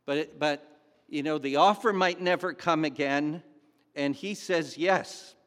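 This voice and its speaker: A man voicing an earnest, halting tax collector who keeps repeating himself in his gratitude. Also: fairly high pitch, a bit bright. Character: grateful male tax collector answering a call. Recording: long hall reverb.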